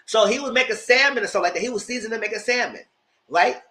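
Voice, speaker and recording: A man giving a chatty, animated recap of a TV show, talking straight to his viewers. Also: sits high, quick pace. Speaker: vlogger recapping a reality show. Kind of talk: casual commentary. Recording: roomy echo.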